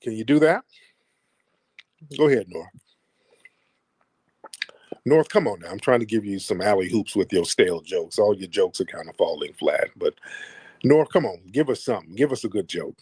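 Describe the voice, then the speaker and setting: A man's voice: on the low side, lively intonation, a little fast, darkish tone, slightly rough, no echo. Mocking man hosting a call-in stream. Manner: mocking, taunting callers. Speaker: livestream host. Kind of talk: combative livestream call-in talk.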